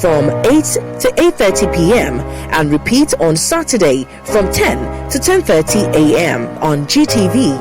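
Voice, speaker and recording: Expressive woman announcing a TV promo. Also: fairly low pitch, a little slow, hardly any pauses. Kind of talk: scripted promo voice-over. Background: loud music.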